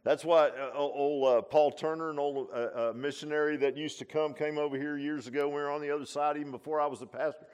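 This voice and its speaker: Folksy pastor, slightly high voice. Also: male voice, quick pace, few pauses, smooth. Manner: animated and folksy, with laughs and rhetorical asides. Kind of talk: informal sermon.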